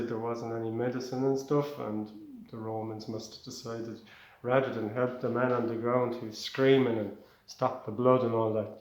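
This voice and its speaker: Rambling Irish comedian, echoey room. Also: male voice, medium pitch. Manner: rambling, self-interrupting, excitable. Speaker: stand-up comedian. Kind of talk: comic storytelling.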